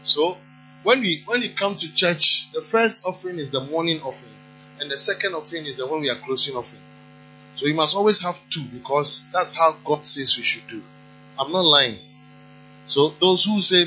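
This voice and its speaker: A man's voice: fairly high pitch, lively intonation, normal speed, pushed and bright, muffled recording, slight background noise. A male pastor, preaching and calling for offerings in church, exhorting the congregation and chanting amounts over and over. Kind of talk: sermon and offering appeal.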